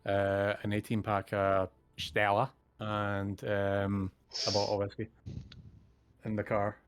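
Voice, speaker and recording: A man plays a tabletop game over voice chat, teasing his friends and laughing. His voice is lowish and smooth, with a completely flat delivery and a slow pace.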